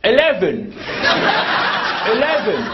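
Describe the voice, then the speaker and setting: An actor with a Scottish accent playing an exasperated man stuck in a voice-activated lift, indignant and often shouting. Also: high-pitched, wildly swooping pitch, slow pace, heavy background noise, heavily acted. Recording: dull sound with audience laughter.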